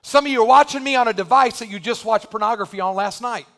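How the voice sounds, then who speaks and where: A male pastor delivering an impassioned sermon to a church congregation, joking one moment and shouting the next. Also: very high-pitched, fast. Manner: impassioned preaching that builds to shouting. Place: church sanctuary.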